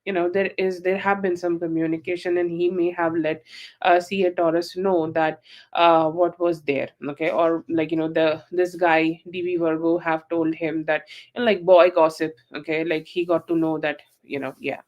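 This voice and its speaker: Low-voiced woman giving a rambling tarot reading. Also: flat delivery, moderate pace, highs cut off. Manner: rambling, tags lines with "okay" and "you know". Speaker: tarot reader. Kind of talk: live-streamed tarot reading.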